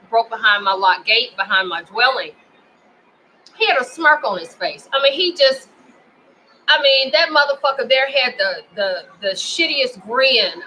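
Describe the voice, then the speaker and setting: A high-voiced woman with a Memphis accent, ranting with fierce, profane indignation. Her tone is bright and edged, with faint background noise under it. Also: poor audio. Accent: Memphis, Tennessee. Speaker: vlogger. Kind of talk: angry personal rant to camera.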